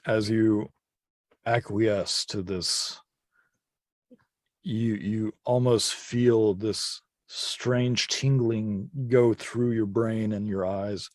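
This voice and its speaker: A man narrating as game master with deliberate, descriptive delivery. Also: on the low side, steady tone, darkish tone, dry recording.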